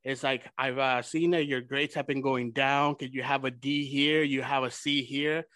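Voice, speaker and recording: A young man hosting a podcast, telling a profane, animated story full of quoted dialogue, casually mixing English and Spanish. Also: mid-range voice, normal speed, no room sound. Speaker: podcast host.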